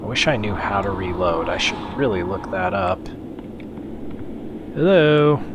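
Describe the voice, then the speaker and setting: Guy doing a let's play, kinda low voice, jokey and swears a bit, noisy recording. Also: animated, measured pace. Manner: chatty, joking, mild swearing. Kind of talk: casual gameplay commentary.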